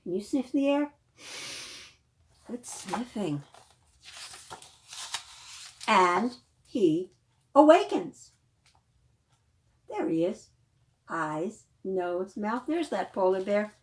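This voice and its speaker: A woman librarian leading a children's storytime, reading a picture book aloud with animated questions to the young listeners. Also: medium pitch, very slow, long pauses, noisy background. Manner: animated, questions to the children, gasps and sing-song.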